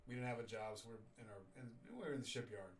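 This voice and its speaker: A man's voice: mid-range voice, rapid-fire, distant mic, a little hiss or hum. A man hosting a casual show, telling rambling stories and chuckling along. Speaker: show host. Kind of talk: casual radio show chat.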